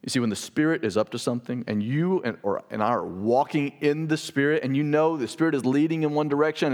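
With a fairly high-pitched voice, this pastor delivers his sermon earnestly and emphatically, using repetition and quieting his voice to drive points home.

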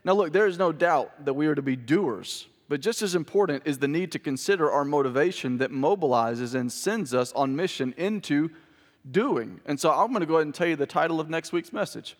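A man's voice: a little high, lively intonation, brisk. Man preaching, joking and casual. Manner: casual and joking, with playful asides to the congregation. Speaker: pastor. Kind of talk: sermon. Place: church sanctuary. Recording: hall reverb.

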